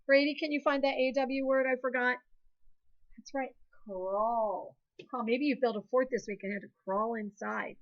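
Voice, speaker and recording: A woman's voice: a little high, normal speed, dull audio. A woman from Ohio with an Ohio accent, teaching a second grade phonics lesson in a patient, encouraging, sing-song way. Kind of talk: phonics lesson, call-and-response with pupils.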